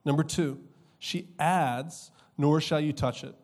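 A young man preaching a sermon as pastor, conversational and humorous, with quick asides and slow emphatic drops. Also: a little high, a little mellow.

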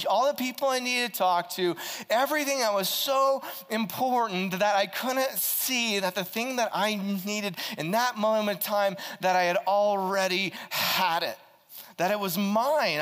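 High-voiced pastor preaching in an echoey hall. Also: male voice. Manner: animated storytelling with frequent restarts and stammers. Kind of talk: sermon with personal story. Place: church.

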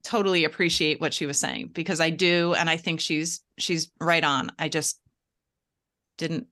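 A woman's voice: deep voice, fairly even intonation, moderate pace, a bit bright. A woman co-hosting a book podcast, speaking candidly and wistfully with many fillers. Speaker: book club podcast co-host. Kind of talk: casual book chat.

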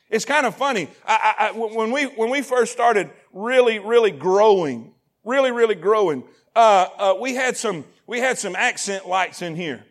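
A man preaching a sermon in a church, animated, repeating lines, shouting at times and asking the congregation questions. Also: high voice. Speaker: pastor. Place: church sanctuary.

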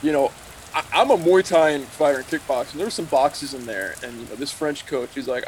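A man chatting casually, with halting restarts and some swearing. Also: a little high, a little hiss or hum, poor audio. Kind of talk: casual chat.

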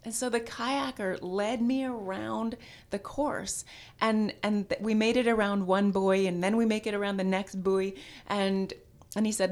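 A woman telling a personal story as a podcast guest, with a touch of vocal fry in her voice. She talks in an animated, self-deprecating way, laughing at her own mishaps. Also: mid-range voice, normal speed. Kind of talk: storytelling in casual conversation.

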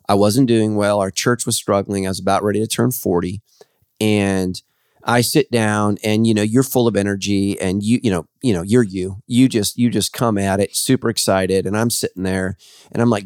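Pastor host in his forties, big personality, loud storyteller, slightly low voice, dry studio sound. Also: dry recording. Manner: loud, lively storyteller, quick laughs. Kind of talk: casual podcast chat. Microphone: studio podcast microphone.

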